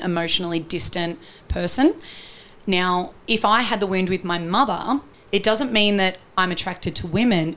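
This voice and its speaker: Woman relationship coach, lowish voice, earnest explainer, faint background hum. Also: a bit bright. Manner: earnest, explanatory, talks in examples. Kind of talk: conversational interview.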